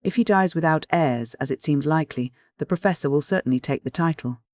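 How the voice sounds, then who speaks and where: A reader speaking as a young woman in a classic mystery audiobook, cool and blunt with her neighbor. The voice sits at a middle pitch. The recording is dry and close. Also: brisk, darkish tone, no echo, lightly acted. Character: cool, frank young woman, engaged to be married. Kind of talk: audiobook dialogue reading.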